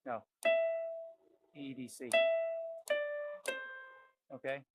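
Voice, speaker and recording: Very slowly and with little pitch movement, a mid-voiced piano teacher talks through a casual ear-training lesson, naming the notes he plays and thinking out loud. The piano playing comes through loudly behind him.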